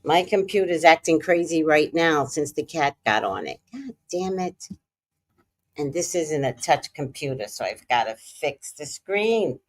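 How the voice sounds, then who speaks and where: Lively, slow-talking woman scolding her cat. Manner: scolding a cat between remarks to viewers, frequent swearing; swings between loud exclamations and low muttering. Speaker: vlogger. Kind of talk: casual livestream chat.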